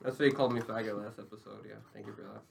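A man's voice: lowish voice, steady tone, rapid-fire, vocal fry. An American man chatting and laughing with friends at lunch, slangy and loose, full of "bro" and "like". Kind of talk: casual chat. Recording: noisy casual recording with clicks.

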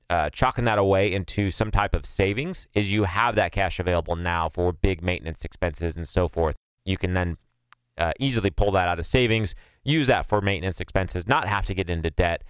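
A man co-hosts a money podcast, thinking aloud through his advice with frequent fillers. His voice sits low and smooth, recorded close and dry. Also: moderate pace, no room sound. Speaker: podcast co-host. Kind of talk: casual advice chat.

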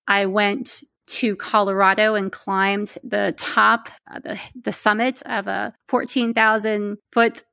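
A woman, a guest telling personal stories in a lively, casual way, laughing now and then. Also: medium pitch, slow, vocal fry, few pauses, no room sound. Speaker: interview guest. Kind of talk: casual storytelling.

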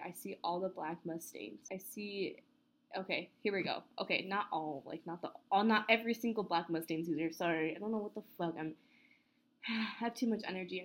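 Brief: woman narrator, vocal fry, casual, keeps fumbling words and restarting, raw home-mic read. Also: mid-range voice. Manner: stumbles over words, restarts and apologizes; casual and swearing, laughs at herself. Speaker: story narrator. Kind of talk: unedited story reading with outtakes. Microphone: home mic with headphones bumping it.

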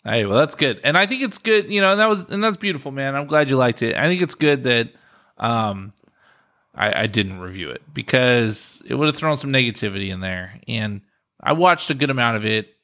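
A man's voice: mid-range voice, lively intonation, fairly quick, sharp tone. A man hosting a film review chat, easygoing, sometimes reading notes aloud.

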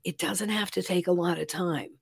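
Woman, 60s, calm coach; lively and playful, drops into soft, slow guided breathing. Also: on the low side, gravelly, breathy edge. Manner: expressive, playful, shifts into slow soothing guidance. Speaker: guest, calm and sleep coach. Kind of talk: conversational interview with guided breathing.

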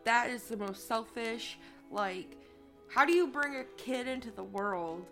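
A woman's voice: a little high, expressive, a little slow, a bit bright, soft background music. A young woman co-hosting a podcast in casual chat, reading a post aloud and then swearing indignantly about it. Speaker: podcast co-host.

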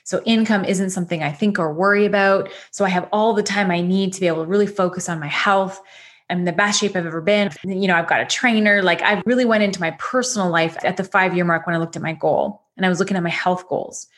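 A woman's voice: lowish voice, fairly even intonation, fast talker, a bit bright. A woman coach leading a goal-setting lesson, talking directly and encouragingly with many rhetorical questions.

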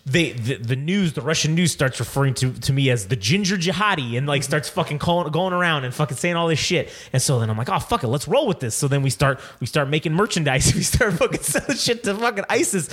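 A man's voice: fairly high pitch, animated, a little fast, hardly any pauses, a bit bright, husky. A man co-hosting a podcast, rambling and swearing as he retells a wild dream to his friends in casual chat. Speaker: podcast co-host. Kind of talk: casual storytelling among friends.

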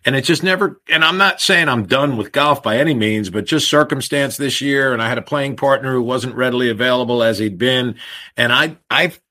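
Sixties male co-host, bright edge, animated storyteller who swears casually. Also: mid-range voice, a little fast. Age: 60s. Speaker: podcast co-host.

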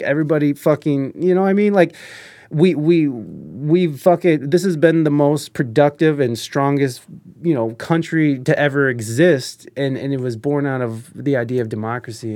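A man's voice: medium pitch, darkish tone. A man from the United States in casual conversation, giving his views at length in a rambling way and swearing casually. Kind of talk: casual chat.

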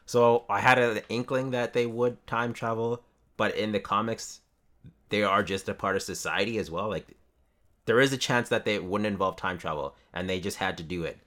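A man in a casual fan discussion, relaxed and chatty, laughing easily. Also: on the low side, moderate pace.

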